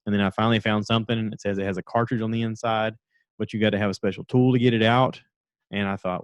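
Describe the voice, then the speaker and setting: A man's voice: fairly low pitch, steady tone, quick pace, no echo, muffled recording. A man hosting a podcast, chatting on his own and telling a rambling story. He acts out the lines of the people in it and laughs at himself. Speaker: podcast host. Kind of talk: casual solo podcast monologue.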